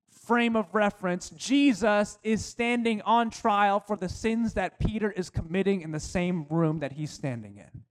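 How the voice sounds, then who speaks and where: Man, pastor, high voice, sermon, slow emphatic phrasing. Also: clear, resonant tone. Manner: preaching with slowed, emphatic phrases and dropping to a low voice for quotes.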